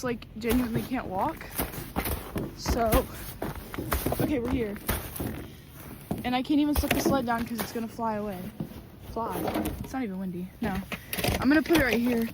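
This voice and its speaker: Breathless high-voiced woman vlogging in snow. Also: moderate pace, long pauses. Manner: exclamatory, self-mocking, chatty. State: voice a bit rough. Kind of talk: casual vlog narration. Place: outdoors in deep snow in a rural yard. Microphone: camera on a tripod, sometimes from a distance. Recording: noisy outdoor recording, sometimes far from the mic. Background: outdoor ambient noise.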